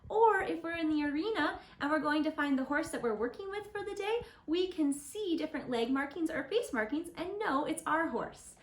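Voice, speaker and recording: A woman gently and patiently teaching children a lesson on horses and reading them a storybook aloud. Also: sits high, animated, brisk, few pauses, long reverb tail. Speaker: children's horse program instructor.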